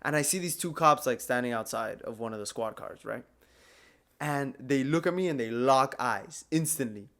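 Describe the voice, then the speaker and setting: A man's voice: medium pitch, normal speed, fairly bright tone. A young man on a podcast telling a story in a casual, profane way, laughing often and filling his speech with "like". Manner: laid-back, profane, laughs through his story, lots of "like" fillers. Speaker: podcast co-host.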